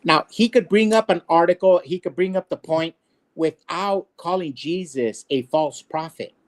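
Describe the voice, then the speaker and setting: A man's voice: on the high side, moderate pace. A man co-hosting a casual online chat show, ranting in an indignant way. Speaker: co-host.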